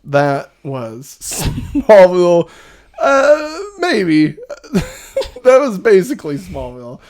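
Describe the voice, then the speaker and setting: A woman's voice: on the low side, very animated, takes it slowly, a little mellow. A woman co-hosting a podcast in casual chat, laughing often as she talks. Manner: giggly, laughs often while talking. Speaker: podcast co-host.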